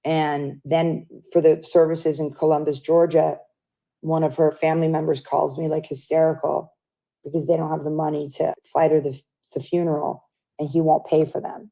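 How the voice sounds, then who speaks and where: Low, mellow woman telling a candid story. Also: normal speed, gravelly. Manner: animated storyteller who acts out others' lines. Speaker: interview guest.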